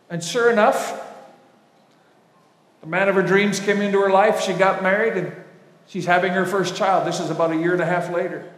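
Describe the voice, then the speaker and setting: A man preaching a sermon, telling stories with animated swings between loud emphasis and hushed asides. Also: high voice, normal speed, long pauses. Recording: echoey hall with long reverb.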